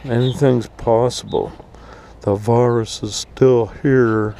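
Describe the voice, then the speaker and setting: A man's voice: mid-range voice, steady tone, slow pace, warm tone, a little hiss or hum. A man ranting bluntly and profanely in a casual outdoor vlog at an RV park. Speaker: vlogger.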